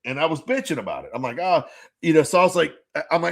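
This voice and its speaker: A man with a fairly high voice co-hosts a casual podcast chat. He tells long, rambling stories, plays out both sides of conversations, and curses freely. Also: sing-song, very fast. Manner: rambling storyteller who swears freely and acts out conversations. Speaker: podcast co-host.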